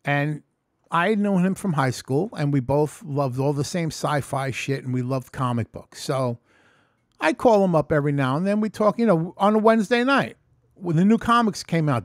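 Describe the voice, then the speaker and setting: Man, animated and swearing a lot, talking straight into a close mic, dry sound. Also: on the high side, moderate pace, no room sound. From New York. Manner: profane, animated storytelling. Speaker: vlogger. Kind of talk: casual storytelling vlog. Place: room at home. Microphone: close mic in front.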